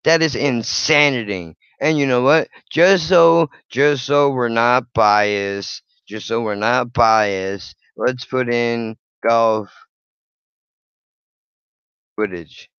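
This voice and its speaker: Male reaction host, blunt and profane, sarcastic; smooth, clear voice at an unhurried pace. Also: mid-range voice, a bit bright, dry recording, lo-fi sound. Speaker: channel host. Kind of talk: reaction commentary on videos.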